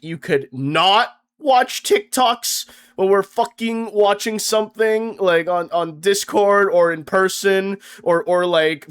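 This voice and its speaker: Sarcastic high-voiced young man ranting. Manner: sarcastic, profane, stammering restarts. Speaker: vlogger. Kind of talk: comedic rant to camera.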